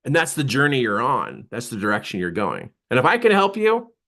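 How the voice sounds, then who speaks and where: A middle-aged man, a business coach, telling a story in a live coaching talk and acting out his own surprise. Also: fairly quick. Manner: animated storyteller, voice jumping high for quoted surprise.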